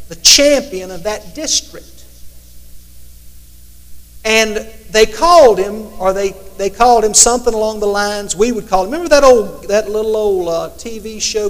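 A man preaching a sermon in a conversational way, now and then acting out imagined prayers to God. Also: sits high. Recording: long hall reverb.

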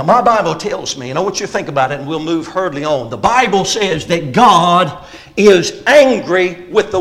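A middle-aged man preaching a fervent sermon, rising to shouts on key phrases. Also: sits high, poor audio. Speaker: pastor.

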